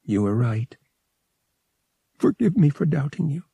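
A young woman falls apart in tears, as a male audiobook narrator voices her. Her voice jumps high and trembles between words. It sits well above the husky, gravelly tone of the man doing it. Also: very animated, a little slow, dark tone, no echo, heavily acted. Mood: distraught. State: crying. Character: young woman pilgrim, shaken and weeping.

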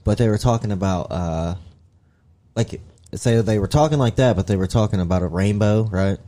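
A man's voice: fairly low pitch, moderate pace. A man co-hosting a podcast in casual chat, laughing and swearing as he tells stories. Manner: laughing, swearing, lively storytelling. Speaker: podcast co-host.

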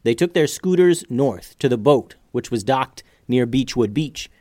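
A man narrating an adventure storybook in a steady, measured way. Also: medium pitch, dry recording, studio quality.

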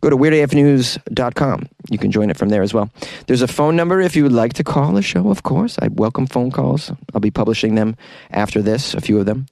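A man's voice: mid-range voice, lively intonation, brisk, vocal fry, a little mellow, no echo. Chatty guy doing a funny news podcast, wisecracks a lot, dry close sound. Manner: joking, chatty, wry asides. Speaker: podcast host.

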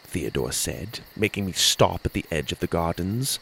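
A man reading a first-person fairy-tale story in an earnest, expressive way. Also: low-pitched, a little slow, hardly any pauses, low-quality recording. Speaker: storyteller and podcast host.

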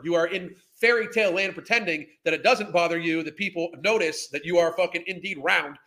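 High, bright-voiced man ranting profanely. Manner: profane, exasperated, incredulous ranting. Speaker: podcast host reacting to clips. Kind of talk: ranting commentary.

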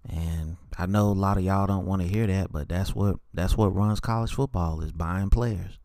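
A man hosting a solo sports podcast, speaking in a dejected monotone with many halting fillers. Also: low-pitched, no echo, clean studio sound. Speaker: podcast host.

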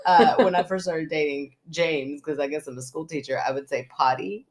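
Playful woman co-host with a lowish voice. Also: fairly even intonation, a little mellow. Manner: reacts with quick asides, playful. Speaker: podcast co-host. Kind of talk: casual podcast chat.

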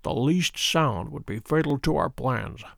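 A man plays a shrewd, calm middle-aged detective from a storybook reading. He lays out his reasoning in measured, probing questions, his fairly high voice rising and falling a lot. The sound is close and dry. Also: no room sound. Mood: hushed urgent.

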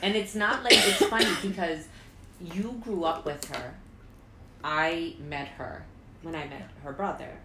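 Woman w/ a low voice, calm and reassuring, echoey room, bit of noise. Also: unhurried. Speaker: friend. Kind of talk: casual chat.

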